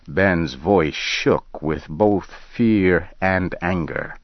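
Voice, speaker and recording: A man with a deep voice reads a scripted story aloud, slow and measured. The recording is dry and sounds dull and lo-fi.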